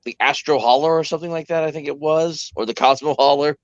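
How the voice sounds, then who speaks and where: A man's voice: on the high side, quick pace, no room sound. A man running a tabletop role-playing game, rambling and laughing often, on a dull lo-fi recording. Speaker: game master. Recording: dull lo-fi dry sound.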